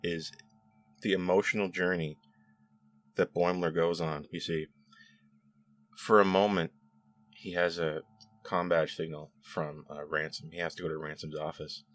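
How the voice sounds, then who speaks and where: A man hosting a casual spoken review, chatty and animated, with frequent laughs and restarts. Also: low voice, measured pace, long pauses. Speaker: show host reviewing episodes.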